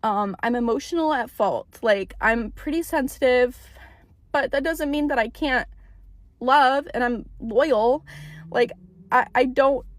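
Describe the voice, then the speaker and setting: A woman's voice: high voice, unhurried, no echo. A young woman venting in an emphatic, swearing storytime rant about bad dates, talking into her phone. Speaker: TikTok storyteller. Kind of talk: ranting storytime.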